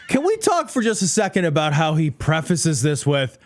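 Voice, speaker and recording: A man's voice: fairly high pitch, huge pitch swings, moderate pace, slight background noise. A man co-hosting a casual comedy podcast, sarcastic and swearing as he reacts to clips. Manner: sarcastic, swears, laughs often. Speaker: podcast co-host.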